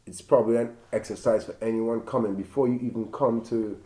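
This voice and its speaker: A man hosting a podcast, chatting in a friendly, lively way with his guest. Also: on the low side, brisk. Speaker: podcast host. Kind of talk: casual interview chat.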